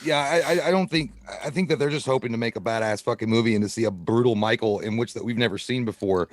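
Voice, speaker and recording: A man co-hosting a casual live stream, excitable and jokey, swearing freely. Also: medium pitch, fast talker, a little hiss or hum. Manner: excitable, profane, jokey, does goofy voices. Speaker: podcast co-host.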